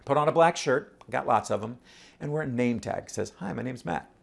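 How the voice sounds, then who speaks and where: A man talking casually to camera, animated and rhetorical, often throwing questions at his audience. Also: medium pitch, a little fast, creaky. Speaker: vlogger.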